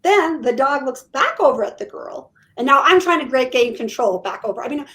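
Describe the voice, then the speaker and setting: A middle-aged woman, a psychic medium guest, telling her stories in an animated, casual way and acting out the quotes. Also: high-pitched, brisk, low-quality recording. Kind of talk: casual storytelling in an interview.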